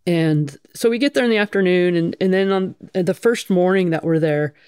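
A woman's voice: lowish voice, moderate pace, darkish tone, smooth, no room sound, clean studio sound. A middle-aged woman, a firefighter, telling her story frankly in an interview, swearing casually and restarting her sentences often. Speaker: guest, firefighter.

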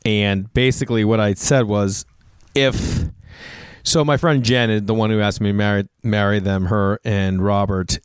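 Hoarse, rambling comedian. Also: male voice, fairly low pitch, no echo, clean studio sound. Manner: rambling, self-mocking, jokey. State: hoarse, voice partly lost. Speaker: comedian vlogger. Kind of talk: casual chat to camera.

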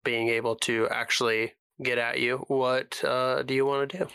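A man running a tabletop game as game master, narrating at a relaxed, measured pace with frequent fillers. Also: mid-range voice, vocal fry, clear, resonant tone, dry recording.

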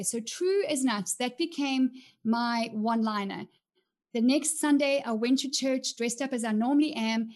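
Guest: middle-aged woman, high voice, earnest personal storyteller. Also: normal speed. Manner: earnest, animated, tearful at times. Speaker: image coach, guest.

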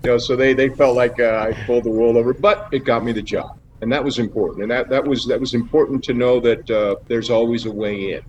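A man's voice: mid-range voice, fairly even intonation, brisk, hardly any pauses, darkish tone. A man guest on an interview, telling rambling stories with many fillers and laughs. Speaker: actor guest. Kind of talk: casual interview storytelling. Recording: dull lo-fi with faint noise.

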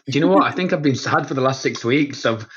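A man with a Northern English accent chats as a podcast guest, with a playful, wry manner. His voice sits at a middle pitch, and the audio is dull and lo-fi. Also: quick pace, a bit bright, husky. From north of England. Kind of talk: casual chat.

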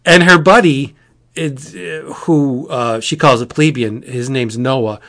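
A man chatting casually as a podcast host, retelling a comic in a rambling, animated way. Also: medium pitch, slow. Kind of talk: casual chat.

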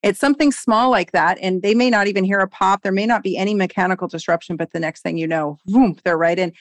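A woman's voice: medium pitch, fast, no room sound. Emphatic woman doctor in her forties. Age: 40s. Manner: animated, emphatic storytelling. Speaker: guest doctor. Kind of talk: podcast interview.

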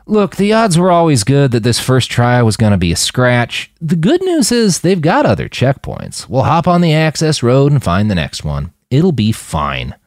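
A man's voice: medium pitch, wildly swooping pitch, moderate pace, few pauses, darkish tone, dry recording, clean studio sound, voice pushed up. A man doing a blunt, menacing killer. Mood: brisk. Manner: blunt, matter-of-fact.

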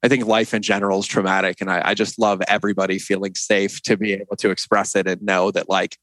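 A man's voice: fairly low pitch, flat delivery, quick pace, a bit bright, dry recording, rough recording. A middle-aged man speaking as a podcast guest in candid conversation, earnest and reflective as he opens up about his feelings. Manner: earnest and reflective, opening up emotionally.

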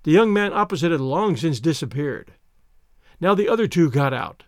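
A man narrating a story in a measured, expressive reading. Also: fairly high pitch, no echo, studio quality.

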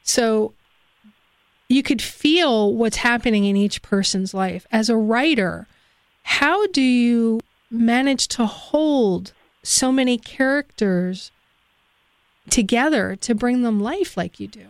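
A woman's voice: on the high side, lively intonation, slow pace, no echo. Woman hosting a dry-sounding radio show. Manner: engaged, conversational questioning. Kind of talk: radio interview.

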